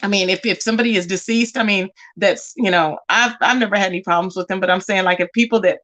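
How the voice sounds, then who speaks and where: A woman's voice: mid-range voice, steady tone, quick pace, fairly bright tone. A woman casually chatting on a livestream, reading out viewer comments and calling her audience y'all and baby.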